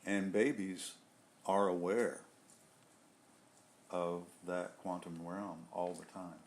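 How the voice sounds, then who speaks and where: A man in a casual group discussion, speaking earnestly and haltingly, often restarting and searching for words. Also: low voice, fairly even intonation, slight background noise. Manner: earnest and heartfelt. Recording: echoey room.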